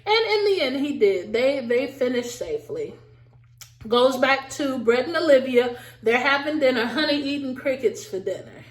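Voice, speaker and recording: A woman giving a casual, animated recap of a reality show, talking straight to her viewers with a sassy edge. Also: high-pitched, moderate pace, roomy sound. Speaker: recap vlogger.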